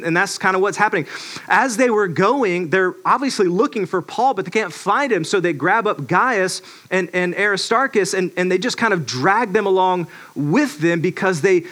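A man with a high, bright and forceful voice leads a casual Bible lesson. He talks in a loose, conversational way, full of restarts, and slips into animated character voices. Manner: conversational, many restarts and fillers. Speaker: Bible teacher.

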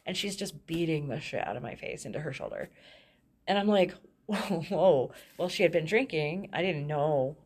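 A woman's voice: low voice, big pitch swings, moderate pace, husky. A woman frankly telling her own life story as a guest, often laughing in the middle of her sentences. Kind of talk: candid personal storytelling.

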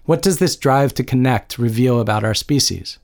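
A man's voice: mid-range voice, normal speed, close to an everyday voice. A man reading an audiobook, voicing an older woman professor who questions her students earnestly.

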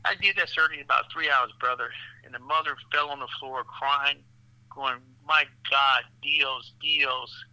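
A man, a physician guest, telling stories in an animated, profane way, laughing often and calling the listener "man" and "brother". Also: medium pitch, a little fast, dry recording, dull audio. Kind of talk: animated storytelling in a podcast interview.

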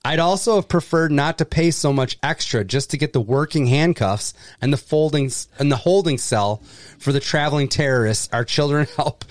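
A man in a casual podcast chat, reading a sarcastic, deadpan satire. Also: on the high side, normal speed, dry recording, clean studio sound.

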